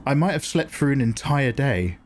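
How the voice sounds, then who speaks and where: Male art streamer, casual chat, lively up-and-down delivery, loose and profane. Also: medium pitch, normal speed. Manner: rambling, sweary, jokey, greets chat by name. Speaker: streamer and artist. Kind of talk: casual livestream chat while drawing.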